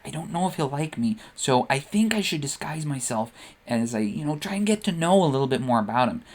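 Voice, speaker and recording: A man's voice: fairly high pitch, lively intonation, a little fast. A man voicing a flustered, lovestruck young queen who gushes breathlessly. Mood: giddy.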